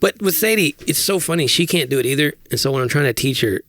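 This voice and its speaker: A man's voice: a little high, expressive, fast talker, fairly bright tone, dry recording. A man co-hosting a podcast, trading playful, teasing banter in casual comedic chat. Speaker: podcast co-host.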